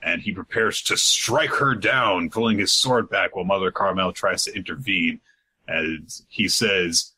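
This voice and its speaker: A man's voice: sits low, unhurried, pushed and bright, breathy edge. A man co-hosting a podcast, recapping chapters in casual chat and acting out bits in put-on voices. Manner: retells scenes, putting on silly voices. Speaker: podcast co-host.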